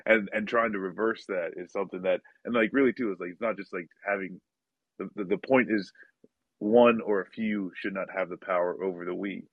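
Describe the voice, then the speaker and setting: Male podcast host, low voice, halting casual talk, dull dry recording. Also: steady tone, breathy edge, dry recording. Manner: halting, many fillers and restarts, laughs lightly. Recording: slightly dull, dry audio.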